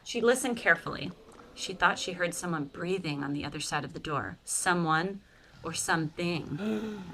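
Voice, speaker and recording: A woman co-hosting a comedy podcast, reading a scary kids' book aloud with hushed, dramatic pauses. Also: fairly low pitch, background noise. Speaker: podcast co-host and reader.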